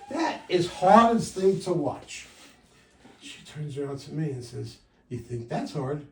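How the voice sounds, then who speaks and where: Older man doing stand-up in a roomy club. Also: fairly high pitch. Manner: wry, punchy delivery with loud jumps for quoted lines. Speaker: stand-up comedian. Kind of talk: stand-up comedy set. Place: comedy club stage. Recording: roomy live sound from a distance.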